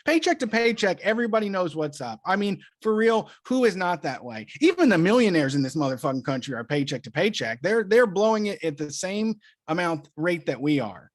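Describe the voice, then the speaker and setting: High-voiced man ranting casually. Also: fairly quick, hardly any pauses, dry recording, clean studio sound. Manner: profane, heated rants with lively mock voices. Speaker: co-host. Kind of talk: casual podcast banter.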